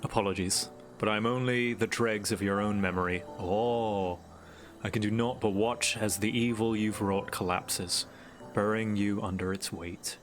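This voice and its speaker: A man's voice: lowish voice, steady tone, a little slow, over music, lightly acted. A man reading the lines of a cold, scornful goddess mother in a game, with disdainful, old-fashioned phrasing.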